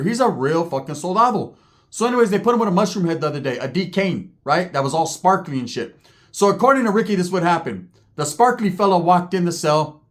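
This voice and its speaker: A man's voice: high voice, lively intonation, brisk. A man vlogging, telling comic stories in slangy, cursing talk and often asking the listener for agreement. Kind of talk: profane comic storytelling.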